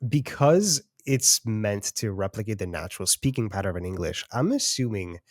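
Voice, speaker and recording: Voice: deep voice, animated, normal speed, no room sound, studio quality. A podcast host in casual chat, asking curious follow-up questions and reacting readily.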